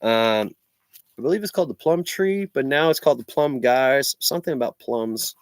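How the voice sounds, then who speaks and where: A man's voice: medium pitch, animated, moderate pace, no room sound. A middle-aged man telling a story in a blunt, sweary, sarcastic rant to his vlog audience. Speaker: vlogger. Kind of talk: profane ranting storytelling.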